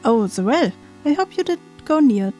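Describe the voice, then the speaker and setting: A woman's voice: high voice, very animated, moderate pace, warm tone, faint music behind. A woman reading a stern controlling father. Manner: insistent, admonishing. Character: stern controlling father talking to his little daughter.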